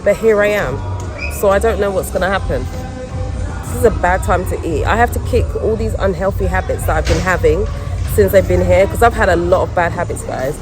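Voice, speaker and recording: Low-voiced chatty woman. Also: brisk, poor audio. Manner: chatty, laughing storyteller. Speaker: vlogger. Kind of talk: casual chat to camera. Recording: music playing over the voice.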